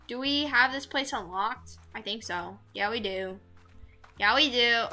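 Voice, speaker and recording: Bright-voiced young woman streamer. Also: a little high, expressive, normal speed, faint music behind. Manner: gushing, squeals over cute things. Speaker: VTuber streamer. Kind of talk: casual gameplay chat with viewers.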